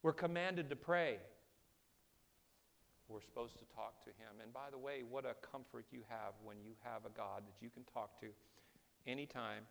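A man preaching a sermon as pastor, swinging between hushed, quiet passages and loud, impassioned ones. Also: mid-range voice, moderate pace, creaky.

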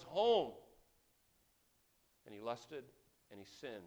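Fiery preacher swinging loud and soft. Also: male voice, mid-range voice, normal speed. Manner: acts out the quoted characters. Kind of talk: sermon.

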